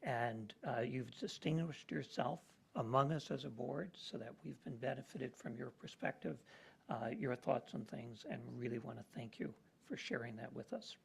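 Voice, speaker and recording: A man chairing a school board meeting, speaking in measured remarks with many pauses and fillers. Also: mid-range voice, expressive, creaky, husky.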